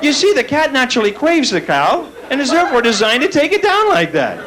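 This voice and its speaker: A man's voice: extremely high pitch, huge pitch swings, brisk. A man performing a stand-up comedy set on a club stage, playfully acting out the voices of his characters. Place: comedy club stage before a laughing audience. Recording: live club recording with crowd noise.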